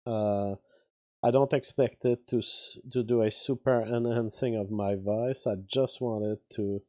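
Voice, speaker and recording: A man's voice: fairly low pitch, steady tone, measured pace, mellow, no echo. A man doing casual political commentary on his channel, rambling with many fillers and restarts, speaking into a studio mic from his home studio. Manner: reads chat comments aloud. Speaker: YouTube commentator. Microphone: studio mic with outboard gear.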